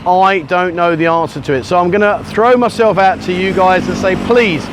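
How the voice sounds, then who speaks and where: A man's voice: high voice, normal speed. A middle-aged English man from the UK, chatting casually and rambling with self-mocking asides as he films himself on a sunny beachfront. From United Kingdom. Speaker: vlogger. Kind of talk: casual walking vlog. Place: outdoors on a sunny beachfront by a busy road. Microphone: handheld camera at arm's length. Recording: faint outdoor traffic noise.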